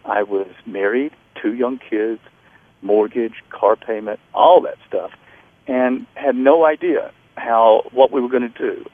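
A middle-aged man from North Carolina, an author telling a personal story in an interview, earnest and halting, with restarts and fillers. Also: medium pitch, no echo. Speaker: author guest. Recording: tinny phone-line radio audio.

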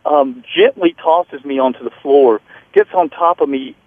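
A middle-aged man from North Carolina, an author telling a personal story in an interview, earnest and halting, with restarts and fillers. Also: on the high side, no room sound. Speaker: author guest. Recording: tinny phone-line radio audio.

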